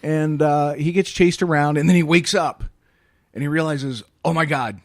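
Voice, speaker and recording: A man's voice: on the high side, normal speed, no echo, studio quality. A middle-aged man co-hosting a casual chat show, telling rambling stories and acting out bits of dialogue. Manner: rambling storyteller, acts out voices. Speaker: podcast co-host.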